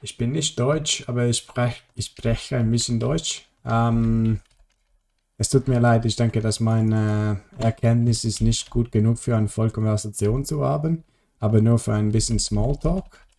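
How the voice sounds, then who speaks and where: A man's voice: medium pitch, steady tone, measured pace, creaky, warm tone. A tired man chatting casually on a live stream as he plays, rambling and answering his viewers' messages. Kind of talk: casual live-stream chat while gaming.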